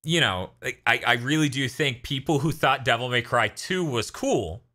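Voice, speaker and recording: A man co-hosting a casual gaming podcast, animated, often laughing and slipping into silly voices. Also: medium pitch, moderate pace. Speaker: podcast co-host.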